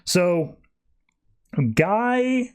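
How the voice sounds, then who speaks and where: A man's voice: sits high, lively intonation, clear, resonant tone. A man hosting a podcast, giving a rambling, casual recap of a comic book story. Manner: rambling, breezy summarizing with quick mock voices. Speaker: podcast host.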